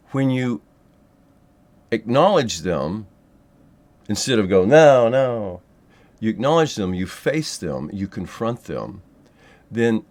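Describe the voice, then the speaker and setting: A man teaching a spiritual technique in a loose, rambling monologue, swearing freely and filling pauses with ums and yeahs. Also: mid-range voice. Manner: loose and profane, rambling with many fillers. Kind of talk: casual monologue to camera.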